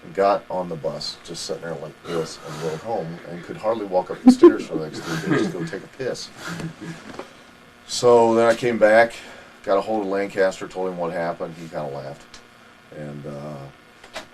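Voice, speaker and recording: A man telling wrestling stories as a guest in a shoot interview, animated and laughing as he goes. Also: sits low, normal speed, rough recording. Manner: animated, laughing anecdotal storytelling.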